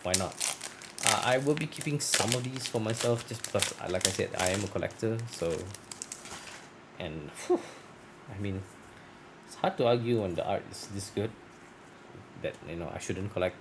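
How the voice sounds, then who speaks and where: Low-voiced man with a scratchy voice. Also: normal speed, long pauses. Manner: rambling, self-correcting, chatty. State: voice getting scratchy. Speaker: card collector opening packs. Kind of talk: casual unboxing chat.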